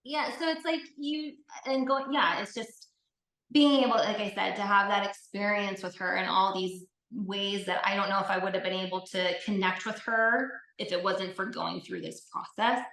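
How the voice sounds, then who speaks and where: A woman talks as an interview guest in an earnest, heartfelt way, with frequent ums and restarts. Her voice sits at an ordinary middle pitch. The room around her is noticeably echoey. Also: steady tone, moderate pace, fairly bright tone. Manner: earnest, heartfelt, many fillers. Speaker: interview guest, bodybuilding competitor. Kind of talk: casual interview storytelling.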